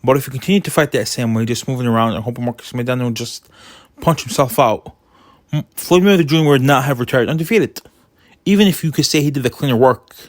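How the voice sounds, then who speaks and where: A man giving his opinionated casual commentary on a boxing result, getting animated as he retells funny moments. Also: medium pitch, quick pace, dry recording, clean studio sound.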